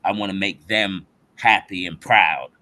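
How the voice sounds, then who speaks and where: A man in casual podcast talk, an animated storyteller who uses slang and acts out other people's voices. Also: low-pitched, measured pace. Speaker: podcast guest. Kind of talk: casual chat.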